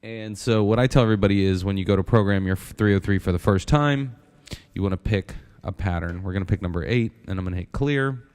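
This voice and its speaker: A man's voice: low voice, quick pace, a little mellow, smooth. A man giving a casual synth tutorial, counting steps aloud and often asking "right?". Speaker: synth instructor.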